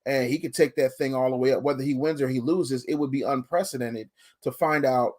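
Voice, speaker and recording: A man hosting a podcast, chatting casually and telling stories in an animated, profane way. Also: mid-range voice, a little fast. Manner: animated, profane storytelling with acted quotes. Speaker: podcast host.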